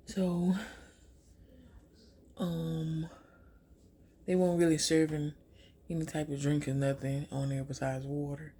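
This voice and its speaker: In a slightly rough, low voice, this young woman vlogger talks slowly and pauses often. She's putting on makeup while telling a storytime in a chatty way, animatedly acting out what others said in quoted asides.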